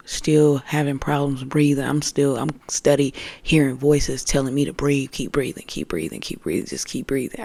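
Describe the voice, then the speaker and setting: A gravelly, husky voice telling a story to listeners on a spiritual podcast. The host talks in streetwise slang and calls the audience family, jumping from loud outbursts down to near-whispers. The sound is close and dry. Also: mid-range voice, no echo. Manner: animated, swinging between loud outbursts and hushed whispers. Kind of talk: casual storytelling monologue.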